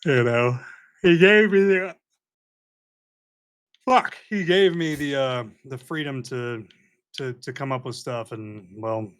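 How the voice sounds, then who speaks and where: A young man co-hosting a podcast in casual chat, telling stories in an animated way and swearing a lot. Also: mid-range voice, slow pace, long pauses, clean tone. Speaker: podcast co-host.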